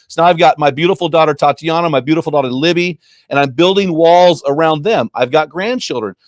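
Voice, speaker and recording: A man's voice: fairly high pitch, a little fast, no room sound, studio quality. A man in his fifties, a Christian ministry founder, talking emphatically in a preacher-like way. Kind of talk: impassioned Christian talk.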